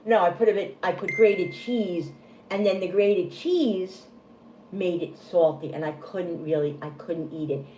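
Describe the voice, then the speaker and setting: A woman's voice: fairly low pitch, unhurried, warm tone. Middle-aged woman, livestream host, chatty and self-deprecating, rambling; echoey room. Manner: rambling, self-deprecating, full of restarts, greets viewers by name. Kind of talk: casual livestream chat. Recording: echoey room with faint room noise.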